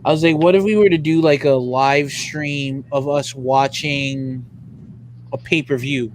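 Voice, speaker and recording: A man's voice: mid-range voice, fairly even intonation, unhurried, slight background noise, poor audio. A man rambling casually with lots of fillers as a co-host. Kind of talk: casual chat.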